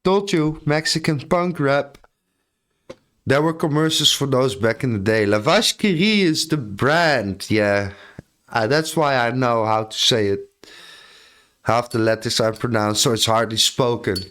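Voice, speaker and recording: A man's voice: mid-range voice, unhurried, a bit bright. A European man streaming live, chatting casually and joking with his viewers in a laid-back, drawling way.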